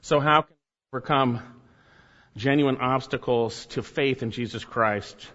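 A man's voice: mid-range voice, a little slow, fairly bright tone. A man preaching a sermon as a pastor, emphatic, with many repeated phrases. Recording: muffled sound with long hall reverb.

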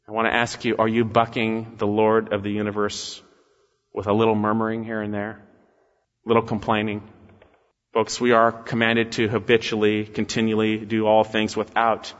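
A man's voice: lowish voice, a bit bright. A man preaching an expository sermon as a pastor, emphatic and pressing his point with repeated rhetorical questions that end in "right?". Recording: echoey hall, slightly dull sound.

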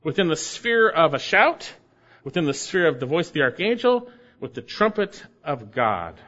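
Emphatic higher-voiced male preacher. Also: big pitch swings, moderate pace, sharp tone. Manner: emphatic, repeats key phrases for stress. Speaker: pastor. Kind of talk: expository sermon. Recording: dull lo-fi sermon recording.

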